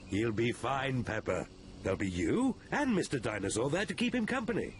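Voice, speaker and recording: A man voicing a calm, cheerful cartoon father pig who talks in an easygoing, reassuring way. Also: mid-range voice, normal speed, very noisy, close to an everyday voice. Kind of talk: cartoon voice acting.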